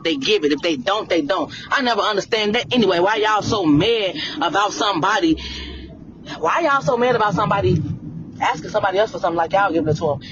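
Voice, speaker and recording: A woman's voice: mid-range voice, fairly bright tone, highs cut off, a little hiss or hum. A woman venting on a livestream, blunt and confrontational, repeating her points again and again. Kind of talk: heated livestream rant.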